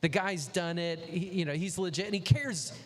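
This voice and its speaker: A man with a notably high voice hosts a casual chat, giving practical advice and playing out little quoted dialogues. A long reverb hangs on the voice. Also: normal speed, slight background noise. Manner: advisory, acts out quoted dialogue. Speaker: host.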